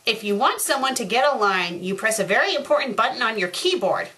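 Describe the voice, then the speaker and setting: A prim, fussy cartoon boy lecturing on grammar, read aloud by a woman. The voice is fairly high, bright and bouncy, and it carries a teacherly patience. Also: very animated, a little fast. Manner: prim, instructive reading.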